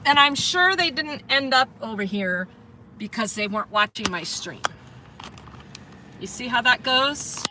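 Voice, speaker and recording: A woman's voice: a little high, lively intonation, normal speed, low-quality recording. Woman, livestreamer, sarcastic, street traffic noise, phone mic. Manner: sarcastic, turns to loud shouting at officers. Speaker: livestreamer filming police. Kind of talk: live street commentary. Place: outdoors on a city street.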